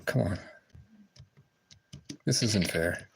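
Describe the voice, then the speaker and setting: Gravelly low-voiced man muttering at a game. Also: drawn-out words, a little hiss or hum, rough recording. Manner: frustrated muttering, swearing at the game. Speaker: livestreamer. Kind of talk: casual livestream commentary while gaming. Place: room in a public building.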